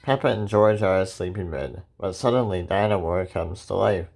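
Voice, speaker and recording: A man reading a children's picture book aloud in a slow, clear storytelling way. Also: deep voice, darkish tone, a little hiss or hum. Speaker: reader.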